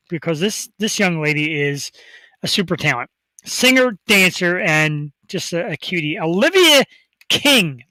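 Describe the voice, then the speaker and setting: A male talk show host hyping up upcoming guests in a rambling, excitable way. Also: a little high, no echo, low-quality recording. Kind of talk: casual talk show chat.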